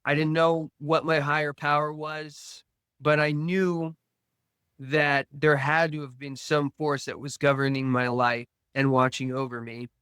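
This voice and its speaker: Earnest man slowly telling a story. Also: on the high side, level tone, pushed and bright, smooth, dry recording. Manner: earnest, slow storytelling with reenacted dialogue. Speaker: podcast guest. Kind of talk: personal recovery story.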